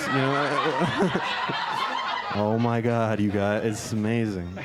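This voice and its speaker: A male stand-up comic in a club, telling his set with a halting, self-deprecating delivery and plenty of restarts. His pitch swoops lively up and down. Heavy background noise fills the live recording. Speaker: stand-up comedian. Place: comedy club stage with audience.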